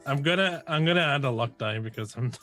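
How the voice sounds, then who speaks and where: A man's voice: medium pitch, expressive, fast, loud music behind the voice. Hesitant man playing a tabletop game. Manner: hesitant, self-deprecating. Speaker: player. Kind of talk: tabletop role-play chat.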